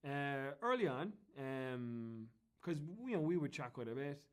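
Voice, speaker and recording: An Irish man telling anecdotes as an interview guest, in a chatty, animated way that often breaks into laughter. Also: medium pitch, a little slow, clear, resonant tone. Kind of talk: casual storytelling.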